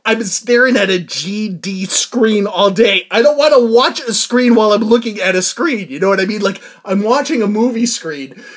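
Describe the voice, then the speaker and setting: A man's voice: high voice, lively intonation, normal speed, hardly any pauses. A young man ranting casually and comically, exasperated and laughing often, with lots of fillers. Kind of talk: casual comedic rant.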